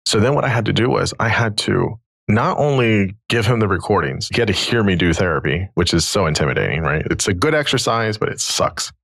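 A man in his forties with a low, gravelly and somewhat husky voice, recorded dry and close. He tells a long personal story at a relaxed pace. He acts out the people he quotes with lively jumps in pitch. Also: fairly quick, no echo. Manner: animated, acts out quoted dialogue. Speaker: podcast host and therapist. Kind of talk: conversational storytelling.

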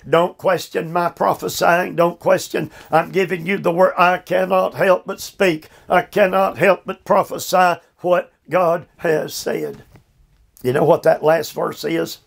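Older male preacher with a gravelly voice, pitched a bit high, leading a slow, emphatic Bible study from home. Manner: slow, emphatic, drawn-out phrasing with repeated fillers. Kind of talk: verse-by-verse Bible study sermon. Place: his home.

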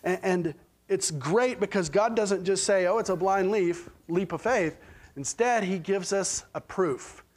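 Male pastor with an Oklahoman accent, high voice, chatty sermon delivery, church sanctuary. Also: measured pace. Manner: conversational preaching, frequent "right?" and "okay?" check-ins.

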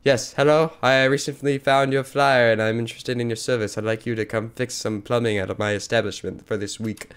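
A man's voice: medium pitch, fairly even intonation, a little fast, hardly any pauses, smooth, lightly acted. Formal, businesslike restaurant owner on the phone, read by a man.

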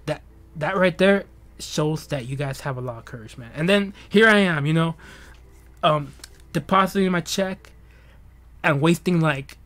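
A man's voice: fairly high pitch, fairly bright tone. A young man hosting a livestream, chatting casually and rambling with lots of laughs and jokes. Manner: rambling, joking, laughs often, drawn-out bits. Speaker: livestream host.

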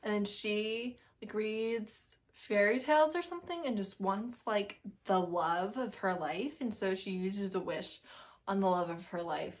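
A woman's voice: mid-range voice, measured pace. A woman book vlogger in casual chat, rambling and chatty with lots of asides and emphatic bursts.

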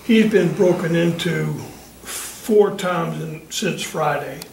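A man sharing a prayer request at a church meeting, talking plainly and unhurriedly with many pauses. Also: a little high, creaky, darkish tone, a little hiss or hum. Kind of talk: casual prayer-meeting talk. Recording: echoey room with people around.

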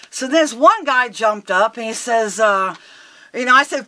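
A woman guest in an interview, telling a story in a heated, emphatic way, swearing and loudly acting out what she said. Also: a little high, animated, brisk. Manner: laughs between lines.

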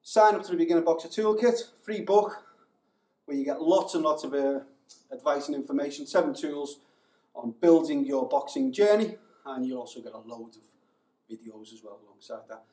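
A man's voice: fairly high pitch, normal speed, dark tone, reverberant, distant mic. A man giving a short boxing tip as a coach, talking energetically in short bursts with some fillers and restarts. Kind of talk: short instructional tip to camera.

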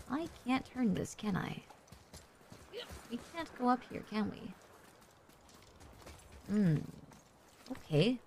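A woman's voice: sits low, background noise. Chatty woman streaming a game. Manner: chatty, rambling, many fillers. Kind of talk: casual chat while gaming.

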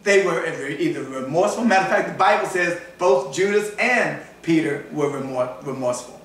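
Pastor guy preaching, kinda high voice, sounds far off in a really echoey church. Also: normal speed. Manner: animated preaching, acts out voices in retold stories. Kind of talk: sermon. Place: church sanctuary.

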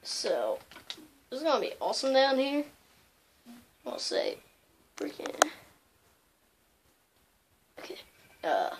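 A woman's voice: high-pitched, huge pitch swings, slow, long pauses, noisy background. A woman hosting a casual let's-play of a video game, rambling along with lots of fillers and loose asides. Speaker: gaming channel host.

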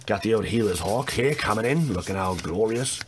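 A man rambles through a casual pack-opening video with a bouncy, swooping voice and plenty of jokes. His pitch sits mid-range but leaps around a lot. A faint hiss and crinkling packaging sit behind him. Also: moderate pace. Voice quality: lively, swooping delivery. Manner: jokey, teasing, rambling asides. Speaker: YouTuber opening card packs.

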